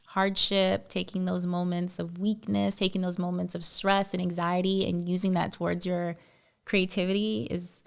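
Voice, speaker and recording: A woman co-hosting a casual podcast, speaking in a relaxed, reflective way. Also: on the low side, normal speed, vocal fry, clear, resonant tone. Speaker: podcast co-host.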